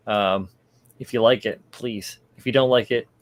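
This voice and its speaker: A man's voice: on the low side, steady tone, normal speed. A man co-hosting, talking casually with lots of hesitations and jokes. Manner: rambling, hesitant, laughing. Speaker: podcast co-host. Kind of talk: casual chat.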